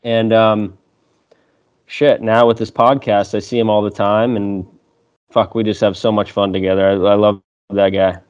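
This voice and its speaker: A young man chatting as a podcast guest, relaxed, laughing often and swearing freely. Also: on the low side, normal speed, smooth, dull audio. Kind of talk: casual conversation.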